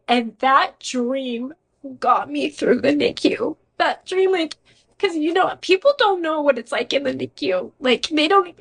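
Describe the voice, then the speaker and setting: A woman's voice: high voice, moderate pace, slightly rough, low-quality recording. Earnest young woman telling a faith story. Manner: earnest, emotional storytelling with frequent "like". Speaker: podcast guest. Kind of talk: personal faith testimony, conversational.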